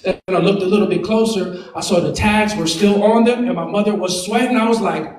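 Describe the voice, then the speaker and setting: Brash New comic, high voice. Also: male voice, a little fast. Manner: brash, animated, swearing freely. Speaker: stand-up comic. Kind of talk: stand-up storytelling. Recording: roomy club sound from a distance. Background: laughing crowd.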